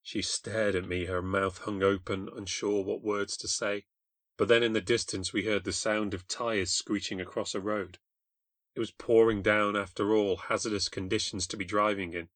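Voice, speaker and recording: A man's voice: lowish voice, steady tone, normal speed, fairly bright tone, no room sound. A man narrating a first-person ghost story in a blunt, sardonic, self-deprecating way. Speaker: storyteller and podcast host.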